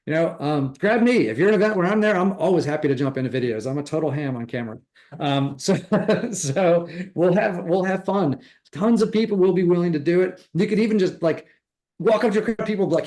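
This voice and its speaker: A man's voice: on the high side, fast, a little mellow. A middle-aged man giving a motivational real estate training talk, enthusiastic and acting out quoted chatter.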